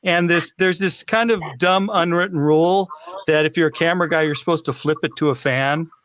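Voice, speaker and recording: Halting man on a video call. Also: fairly high pitch, a bit bright. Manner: halting, with many restarts. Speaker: sports camera operator. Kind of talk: casual chat as a guest on a video call.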